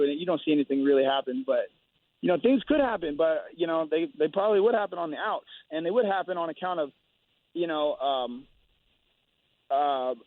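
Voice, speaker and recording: A man's voice: on the high side, no room sound. Rambling man on a tinny phone line. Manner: rambling, halting, many restarts. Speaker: guest fighter. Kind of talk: casual phone interview.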